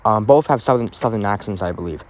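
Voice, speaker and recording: A man's voice: fairly low pitch, animated, quick pace. A man hosting a casual true crime podcast, talking in a rambling way with lots of fillers and restarts.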